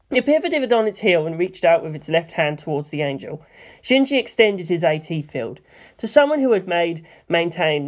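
A man narrating a fan fiction story in a steady, measured reading. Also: high-pitched. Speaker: fanfiction reader. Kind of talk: scripted narration.

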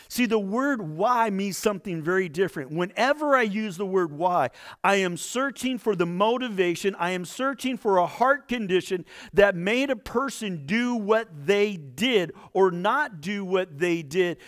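A male pastor delivering a sermon in a high, lively voice that rises and falls widely. He takes his time, swinging between loud emphatic lines and hushed asides as he reads scripture with acted quotes. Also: measured pace. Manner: dramatic Bible reading with acted quotes.

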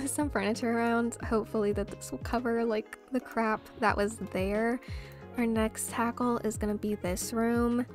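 A woman's voice: a little high, darkish tone. A young woman casually commenting on her gameplay, chatty and gushing over sweet moments. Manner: chatty, gushing reactions to the game. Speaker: gameplay host.

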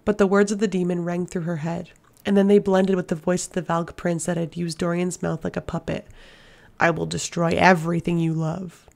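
Woman reading a novel out loud, low voice, kinda gravelly, steady. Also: brisk. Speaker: audiobook reader. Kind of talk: fiction audiobook narration.

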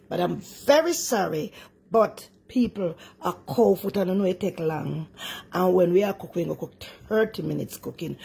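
A woman's voice: mid-range voice, gravelly, warm tone, breathy edge. An older woman with a Jamaican accent chatting casually through a home cooking vlog, often calling her viewers "my dear child.". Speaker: cooking vlogger. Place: home kitchen and house.

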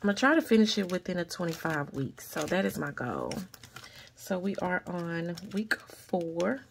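A woman's voice: on the low side, very animated, moderate pace, vocal fry, slight background noise. A woman chatting casually to viewers in a budgeting vlog while counting cash aloud and calling them y'all. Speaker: budgeting vlogger.

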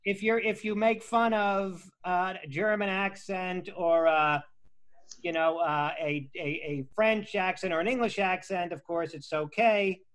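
A man co-hosting a casual comedy panel chat, speaking haltingly with many fillers and questions. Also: sits high, steady tone, a bit bright.

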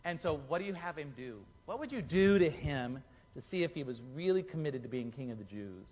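A man leading a children's Easter play, narrating the story and directing the kids in a playful, animated way. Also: fairly high pitch, brisk, a little hiss or hum. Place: church hall. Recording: echoey church hall.

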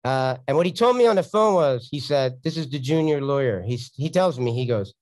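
A man's voice: mid-range voice, animated, fairly quick, darkish tone, dry recording. A man, a real estate investor telling a story in a blunt, sarcastic, casual teaching talk.

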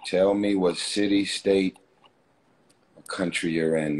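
A man's voice: deep voice, fairly even intonation, slow, long pauses, a little mellow. A man hosting a casual phone livestream from a hotel room, talking fervently and repetitively straight to his viewers. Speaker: livestream host.

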